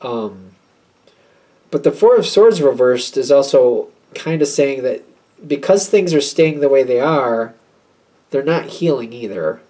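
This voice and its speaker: A man's voice: mid-range voice, expressive, unhurried, dark tone. A man doing a casual tarot card reading, chatty and thinking aloud with many fillers. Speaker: tarot reader.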